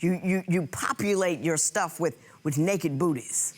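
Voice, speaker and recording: A middle-aged American woman presiding as a TV judge, animated and teasing in her questions. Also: on the low side, unhurried, slight background noise. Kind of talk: courtroom TV show.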